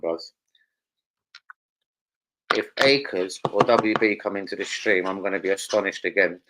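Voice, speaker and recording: A British man hosts a casual football fan livestream, ranting with excitable energy and plenty of swearing. His pitch swoops up and down constantly as he talks. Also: unhurried, pauses often, rough recording. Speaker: live stream host.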